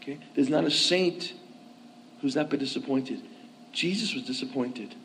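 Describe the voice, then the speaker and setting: A man's voice: mid-range voice, normal speed, creaky, fairly bright tone, a little hiss or hum, rough recording. Man preaching with frequent "okay?". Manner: conversational, frequent "okay?" check-ins. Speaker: priest. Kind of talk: sermon.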